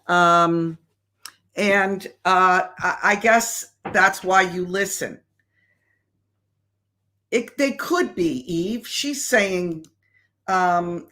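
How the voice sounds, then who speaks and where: A woman hosting a live stream and answering viewer questions in a casual, deliberate way with many fillers. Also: lowish voice, bright, forceful tone.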